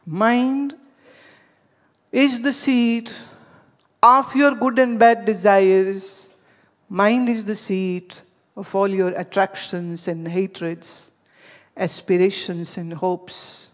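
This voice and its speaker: A woman's voice: mid-range voice, fairly even intonation, drawn-out words, long pauses, big-room sound. A woman from India giving a spiritual discourse, telling stories and addressing her listeners directly. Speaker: spiritual teacher.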